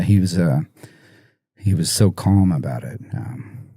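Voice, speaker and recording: A man telling a painful personal story in an interview, halting and soft-spoken with many pauses, emotional and near tears. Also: low-pitched, breathy edge, dry recording, studio quality. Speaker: musician guest.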